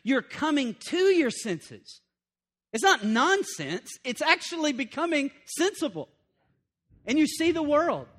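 A middle-aged man preaching a sermon, animated and conversational, repeating points and breaking into asides. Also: extremely high pitch, unhurried.

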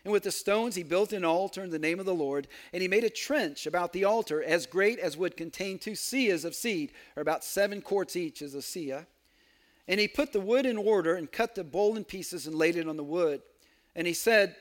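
A man preaching a sermon, reading scripture aloud with earnest emphasis, small stumbles and wry asides. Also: high-pitched. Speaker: pastor.

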